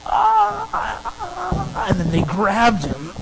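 Lively emphatic preacher. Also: mid-range voice, moderate pace, faint music behind, low-quality recording. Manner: animated, emphatic, acts out crowd scenes. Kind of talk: sermon.

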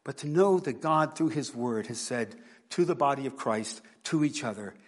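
Husky-voiced man preaching a sermon. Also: medium pitch, lively intonation, moderate pace. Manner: earnest preaching, swinging from hushed to emphatic. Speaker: pastor.

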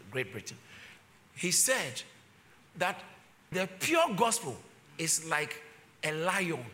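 A man preaching a sermon, shifting from quick low talk to loud shouted emphasis and repeating phrases. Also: slight background noise.

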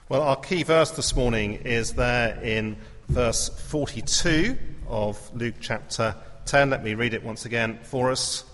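A man preaching a sermon as the pastor, measured and earnest with touches of gentle humour. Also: mid-range voice, slight background noise. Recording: reverberant church hall.

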